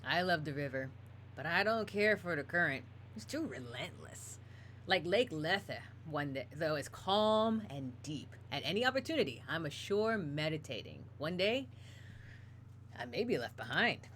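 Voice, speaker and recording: A woman voicing a calm, dreamy man who speaks in a slow, musing way. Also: on the high side, slight background noise.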